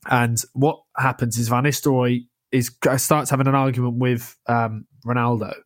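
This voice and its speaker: A young man in casual football chat, talking with a passionate rush and constant restarts. His voice sits at a middling pitch. The sound is close and dry, with no room at all. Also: fairly even intonation, dry recording. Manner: passionate, rapid, many restarts. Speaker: podcast co-host.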